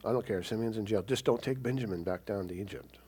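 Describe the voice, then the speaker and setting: A man voicing a bitter, self-pitying old father, low and gloomy. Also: fast talker, warm tone, husky.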